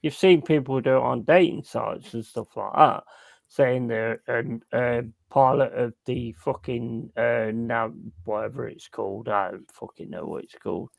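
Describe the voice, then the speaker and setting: A man's voice: medium pitch, measured pace, gravelly, no room sound. A man hosting a casual chat, blunt and swearing freely. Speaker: host.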